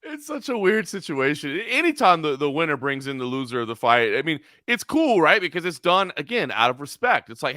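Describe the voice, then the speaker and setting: A man co-hosting a sports talk show, speaking in a casual, animated way. He often stumbles and repeats words as he thinks aloud. His voice is bright and a little high, and the recording is close and dry. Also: brisk, few pauses, dry recording. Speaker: co-host, sports commentator.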